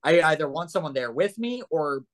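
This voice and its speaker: A man who is a guest on a casual chat show, telling stories in a rambling, animated way with swearing and restarts. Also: fairly high pitch, moderate pace.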